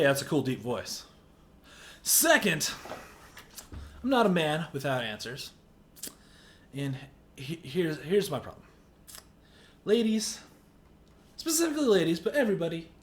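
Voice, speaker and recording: A man ranting indignantly in a movie review video, exaggerated, and shouting at times. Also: a little high, slight background noise.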